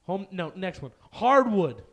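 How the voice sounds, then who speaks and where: Playful high-voiced podcast co-host. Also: male voice, very animated, a little slow, a bit bright. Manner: playful, laughing, rattling through a list. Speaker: podcast co-host reading the topic list. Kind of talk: casual rowdy podcast banter.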